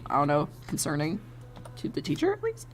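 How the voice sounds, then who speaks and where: A woman's voice: sits low, wildly swooping pitch, brisk. A young woman streaming from home, chatting casually while she draws, swearing and laughing as she tells stories and plays the people in them. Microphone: desk mic.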